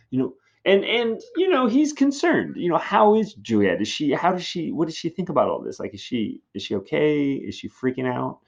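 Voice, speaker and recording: A man's voice: on the high side, very animated, moderate pace, vocal fry, few pauses, highs cut off. A man teaching in a casual classroom style, chatty and full of fillers as he explains a play.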